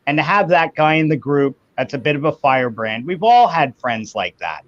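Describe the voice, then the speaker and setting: A man chatting casually on an online show, giving opinions in slow, drawn-out phrases and acting out the voices he quotes. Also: fairly high pitch, lively intonation. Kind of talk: casual chat. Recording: dull lo-fi audio.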